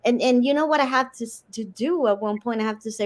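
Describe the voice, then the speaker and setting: Dominican accent woman, spanish first language, animated chatty interview guest. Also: fairly high pitch, fast, few pauses. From Dominican Republic. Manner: passionate, animated storytelling. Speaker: guest author. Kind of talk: casual interview.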